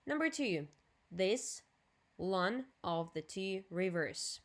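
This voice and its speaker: This woman speaks with a Ukrainian accent and teaches English vocabulary and grammar in a recorded lesson. She keeps a slow, deliberate pace and drills each word clearly for her students. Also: medium pitch, animated. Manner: slow, clear drilling with switches to Russian explanations.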